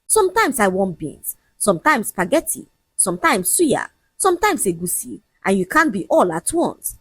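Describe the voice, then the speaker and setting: A woman's voice: mid-range voice, sing-song, moderate pace, slightly rough, dry recording, clean studio sound. Woman putting on a smug cheating man. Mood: mocking. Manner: mocking, lecturing, casually shameless. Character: scornful cheating young man, smug and dismissive.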